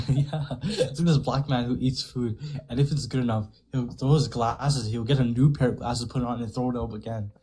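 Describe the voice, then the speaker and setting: Relaxed man with a slightly raspy voice, easygoing stream talk. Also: mid-range voice, normal speed. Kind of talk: casual livestream chat.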